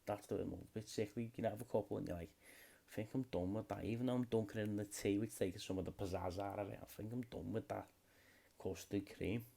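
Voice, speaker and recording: A man's voice: on the low side, steady tone, fast talker, gravelly, warm tone, breathy edge. A young British man hosting a solo comedy podcast, rambling freely and swearing a lot. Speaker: podcast host.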